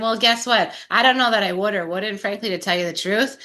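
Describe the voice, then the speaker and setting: A woman speaks in a casual recovery meeting chat, her voice bright and forceful and somewhat strained. She rambles with passion, swears freely and breaks into laughter. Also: on the high side, normal speed, hardly any pauses. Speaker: sober group member.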